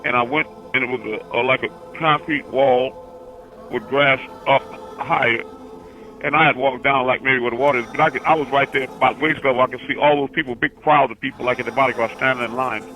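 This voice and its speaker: Bright rambling male host, call-in show, faint music behind. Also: medium pitch, fairly even intonation, a little fast, low-quality recording. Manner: rambling, repeats words, tells long visions. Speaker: host answering callers. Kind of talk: casual call-in talk.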